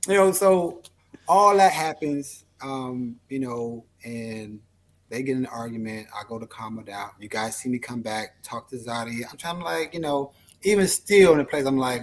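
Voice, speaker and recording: A man's voice: mid-range voice, moderate pace. A man as an interview guest, telling a story in a laid-back, rambling way full of fillers. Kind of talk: casual storytelling.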